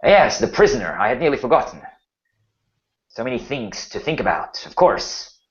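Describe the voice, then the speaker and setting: A man's voice: medium pitch, sing-song, moderate pace, pitched above the performer's own voice, lightly acted. A man voicing a grim human general who speaks formally and gives orders. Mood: formal, stern. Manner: formal, commanding speech. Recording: muffled lo-fi recording.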